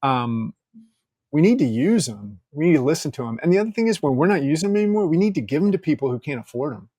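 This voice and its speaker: A man telling stories as a podcast guest, casual and animated, laughing often and acting out quotes. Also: a little high, quick pace, no echo. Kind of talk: casual interview storytelling.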